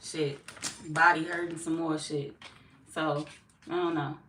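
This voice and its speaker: A woman reads tarot and chats on a live stream, using slang and plenty of swearing and calling out viewers by name. Her low voice is a bit hoarse, and she feels she's losing it. Far from the mic in an echoey room with a faint hiss, she speaks in a flat, measured, slightly bright way.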